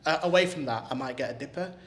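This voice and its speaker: A man's voice: medium pitch, fast talker, fairly bright tone. A man co-hosting a podcast, dry and teasing in casual chat. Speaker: podcast co-host.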